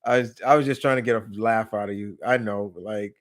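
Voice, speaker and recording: A man's voice: fairly low pitch, fairly even intonation, brisk. A man from New York with a New York accent, hosting a casual live Q&A stream, rambling through restarts and fillers, blunt and jokey with casual swearing. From New York, USA.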